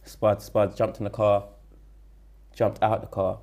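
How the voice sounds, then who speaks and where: A young Londoner with a lowish voice tells a story at an unhurried pace as a guest in a casual interview. He rambles, uses lots of street slang, and gets animated when retelling events.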